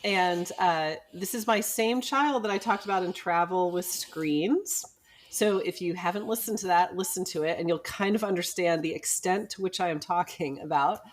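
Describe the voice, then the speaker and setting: A middle-aged woman who works as a physician and co-hosts a podcast tells a family story in casual conversation. Her voice sits on the lower side at a normal speed, and she animatedly acts out the people she quotes.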